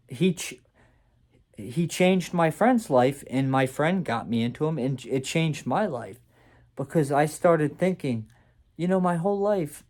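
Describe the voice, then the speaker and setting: A man's voice: mid-range voice, darkish tone. A young man telling a story to camera in casual, rambling talk, self-deprecating, with many fillers and restarts, in a room at home. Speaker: vlogger.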